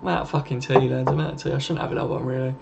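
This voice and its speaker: A man's voice: medium pitch, level tone, racing, gravelly, a little mellow. A young man hosting a late-night live stream from home, casually reading out and answering viewer comments and swearing freely. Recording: dull lo-fi stream audio with faint noise.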